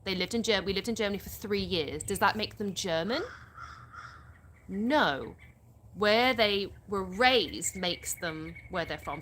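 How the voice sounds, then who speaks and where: A bright, forward-sounding woman, chatting her way through a live stream. She reads viewers' comments aloud and answers each one in a relaxed, talkative way. She is outdoors on a phone mic, with faint noise in the background. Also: mid-range voice. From England. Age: 30s. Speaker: livestream host.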